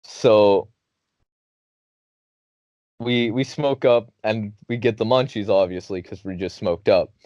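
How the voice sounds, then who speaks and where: A young podcast host tells a funny story in a lowish voice, speaking slowly with long pauses. He curses often and laughs throughout his animated telling, and the dry recording sounds dull.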